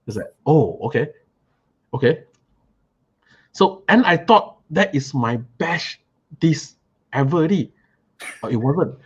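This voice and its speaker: A man telling an animated, casual story about a meal, often repeating and restarting words. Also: fairly high pitch, a little slow, pauses often, husky, muffled recording.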